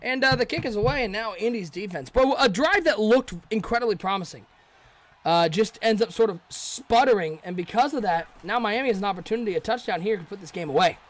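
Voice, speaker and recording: A man doing chatty, excitable play-by-play commentary for a live stream, joking with viewers in chat. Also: high voice, a little fast.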